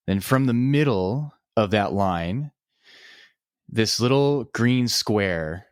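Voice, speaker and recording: A man, a podcast guest, telling a story in a relaxed, casual way, with lots of filler words and swearing. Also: lowish voice, no echo, studio quality.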